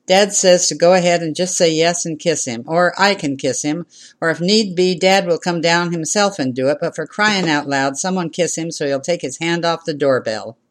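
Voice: medium pitch, moderate pace, natural voice. A minister voicing a girl's sleepy younger sister in pajamas, blunt and exasperated.

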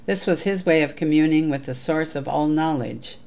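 A spiritual speaker giving an inspirational talk and leading a guided meditation in a calm, measured, gently instructive way. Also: mid-range voice, gravelly.

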